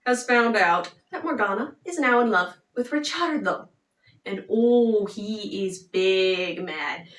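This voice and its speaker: A young woman casually retelling an opera plot in a chatty, playful way. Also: fairly high pitch. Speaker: opera summary storyteller. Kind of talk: casual storytelling. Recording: roomy, distant mic.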